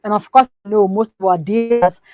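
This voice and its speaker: A woman with a Kenyan accent presents business plans to partners in a steady, instructive manner, moving between English and Swahili within a sentence. Her pitch sits in a middle range. The recording is dry and close, with no room echo. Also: a little fast. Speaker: company presenter.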